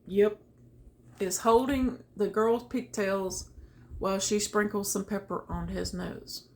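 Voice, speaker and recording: A woman reading a children's picture book aloud, with chatty, animated asides about the pictures. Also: mid-range voice, takes it slowly. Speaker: storytime reader. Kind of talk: children's read-aloud with commentary.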